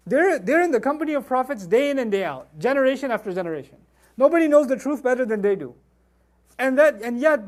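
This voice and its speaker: A man giving a Quran lecture, animated, with emphatic outbursts, acted quotes and rapid Arabic recitation. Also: very high voice. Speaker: Quran teacher.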